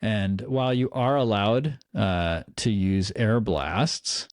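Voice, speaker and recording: A man narrating as game master, in loose, easygoing speech full of fillers and quick asides. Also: on the low side, dry recording, studio quality.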